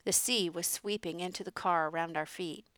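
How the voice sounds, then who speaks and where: Woman narrator, smooth and clear, close dry sound, measured storybook reading. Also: on the low side, steady tone, fairly bright tone, no room sound.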